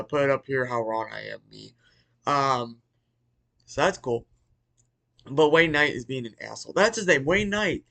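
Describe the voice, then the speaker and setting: An excitable man rambles through a movie recap in an everyday middle-pitched voice. He stumbles over restarts, swears casually and jumps from mumbling to sudden loud bursts of excitement. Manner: rambling, profane, with many restarts. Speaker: movie reviewer.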